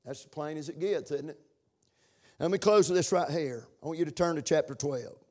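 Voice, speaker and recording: A pastor preaching a sermon in church, rising to loud emphatic passages and dropping to quiet asides. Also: male voice, fairly high pitch, a little fast.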